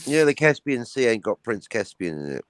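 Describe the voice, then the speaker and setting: Man cracking jokes on a movie podcast, mid-pitched, dry close sound. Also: big pitch swings, normal speed, no room sound. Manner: wisecracking. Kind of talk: casual movie-review chat.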